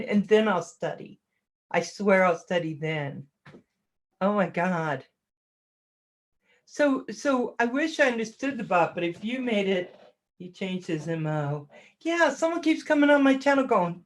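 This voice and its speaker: A woman's voice: fairly low pitch, lively intonation, a little slow. A woman hosting a casual livestream, chatting and self-deprecating as she greets viewers by name and laughs often. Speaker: livestream host reading chat.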